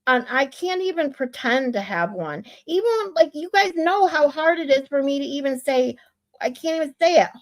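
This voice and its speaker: A woman with a Michigan accent and a high, nasal voice, chatting casually on a livestream, laughing often. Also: lively intonation, moderate pace. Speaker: livestream co-host. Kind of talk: casual chat.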